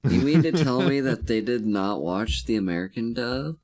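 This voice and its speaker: A man's voice: mid-range voice, expressive, moderate pace, darkish tone. A man co-hosting a casual film podcast, with dry humor, thinking aloud as he talks. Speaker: podcast co-host. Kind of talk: casual comedic film discussion.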